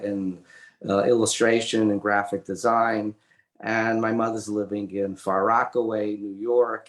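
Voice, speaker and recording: Older man telling a story in an echoey room. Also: lowish voice. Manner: halting, many fillers and restarts. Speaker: author and illustrator, interview guest. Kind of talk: conversational storytelling. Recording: roomy echoey audio.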